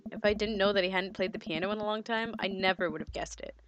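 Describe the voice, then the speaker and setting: A woman's voice: mid-range voice, fairly even intonation, fast talker, muffled recording, slight background noise. A young woman streaming a dating game, reading its text aloud in a giggly way, often tripping over words and correcting herself. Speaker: gaming streamer.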